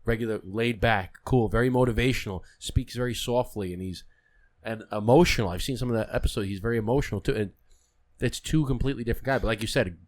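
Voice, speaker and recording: A man's voice: medium pitch, quick pace. A man hosting a podcast in casual chat, talking loosely with swearing and retelling stories. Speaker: podcast host.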